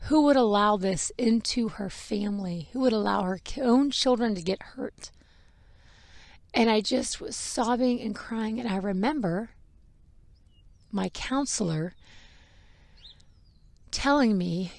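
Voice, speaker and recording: A woman's voice: on the high side, expressive, unhurried, pauses often, a little mellow, dry recording. A mother hosting a podcast, telling a personal story in a frank, emotional way with laughs and the odd swear. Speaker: podcast host.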